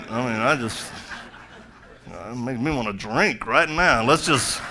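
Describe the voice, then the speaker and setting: A man's voice: mid-range voice, measured pace, pushed and bright. A middle-aged male pastor preaching a sermon, telling a story with jokey asides and then building to fervent appeals.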